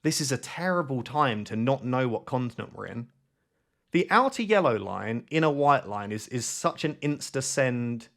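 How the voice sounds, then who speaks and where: Lively man thinking aloud. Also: mid-range voice, normal speed, creaky. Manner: thinks aloud, excitable, self-questioning. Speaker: gaming YouTuber. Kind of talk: live gameplay commentary.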